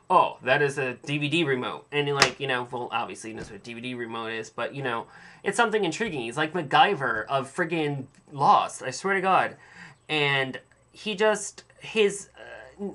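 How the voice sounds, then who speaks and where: Reviewing a TV episode on his solo podcast, a man with a medium-pitched, fairly bright voice recaps it casually. He's chatty and opinionated, rambling with lots of fillers and restarts.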